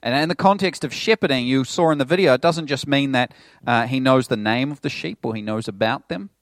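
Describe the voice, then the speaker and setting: A man's voice: mid-range voice, fairly quick, no room sound. Chatty male pastor. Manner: conversational, animated storytelling with playful put-on voices. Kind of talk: sermon.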